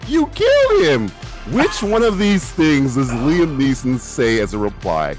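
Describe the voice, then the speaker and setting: A man's voice: medium pitch, unhurried, music in the background. A man hosting a comedy podcast, chatting casually and laughing often. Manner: laughing often, lively, drops into gravelly impressions. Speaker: podcast host.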